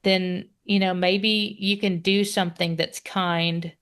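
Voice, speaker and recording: A woman's voice: mid-range voice, little pitch movement, slow pace, a bit bright, smooth. Cheerful Texan woman telling a story. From Texas. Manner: cheerful storyteller, laughs often. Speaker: podcast co-host. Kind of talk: casual chat.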